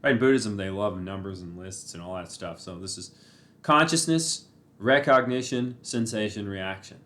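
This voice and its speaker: A man's voice: fairly low pitch, normal speed, fairly bright tone. A man talking casually and rambling as he explains ideas, often asking "right?" and repeating phrases for emphasis. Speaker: channel host. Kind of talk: casual spoken talk on Buddhism and the mind.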